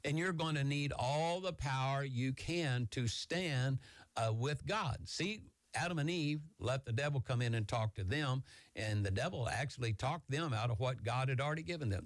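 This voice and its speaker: Fast-talking folksy male pastor. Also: medium pitch, no echo. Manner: fast, excited, folksy preaching. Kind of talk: Bible teaching sermon.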